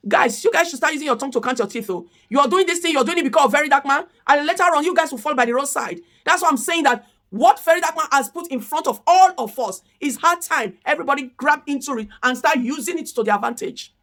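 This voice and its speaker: Woman vlogger, high voice, indignant rant full of rhetorical questions. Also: lively intonation, fast, few pauses, fairly bright tone. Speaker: commentary vlogger. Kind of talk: impassioned commentary rant.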